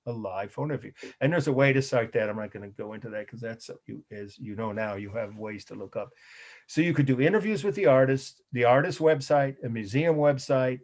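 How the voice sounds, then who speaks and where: A middle-aged man lecturing to a college class in a loose, conversational way, often stopping to correct himself. His voice sits at a middle pitch. He sounds relaxed and informal. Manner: rambling, self-correcting, conversational. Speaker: college art history instructor.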